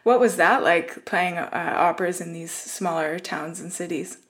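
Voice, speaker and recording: A woman's voice: lowish voice, a little slow, a bit bright. Upbeat woman hosting an arts show. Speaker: radio show host. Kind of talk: radio interview hosting.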